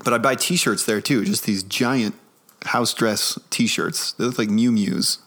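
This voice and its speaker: A man's voice: on the low side, unhurried, fairly bright tone. A man in his forties co-hosting a podcast, telling rambling, easygoing stories full of fillers. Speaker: podcast co-host. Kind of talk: casual chat.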